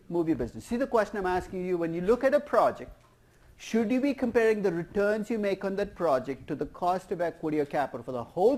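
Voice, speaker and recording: Man, professor, university lecture, lively, asks the class questions, higher voice.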